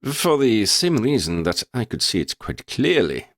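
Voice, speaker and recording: A man voicing a male professor who can take a beast's shape, with a deep, sepulchral voice, a hint of an Italian accent and measured, formal courtesy. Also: sing-song, no echo, clean studio sound, full character voice. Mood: amused.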